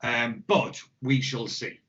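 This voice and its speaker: Speaking slowly, this English co-host has a medium-pitched, steady, fairly bright voice. His casual podcast chat rambles along, packed with jokes and profanity, over dull, lo-fi audio.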